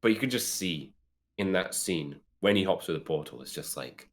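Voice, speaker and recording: A man co-hosting a casual podcast, excitedly retelling a movie scene with plenty of swearing. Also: deep voice, moderate pace, a little hiss or hum. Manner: animated, excitable storyteller who swears freely. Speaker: podcast co-host. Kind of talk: casual film discussion.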